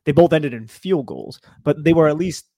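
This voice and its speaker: A man co-hosting a casual sports podcast, animated and conversational with a loose, filler-heavy delivery. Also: a little high, moderate pace, dry recording, studio quality. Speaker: podcast co-host.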